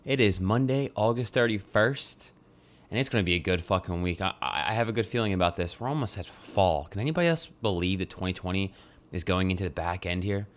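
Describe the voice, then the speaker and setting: Low-voiced young man hosting a podcast. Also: lively intonation, brisk. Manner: loose and jokey, swears freely. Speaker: podcast host. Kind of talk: casual podcast monologue.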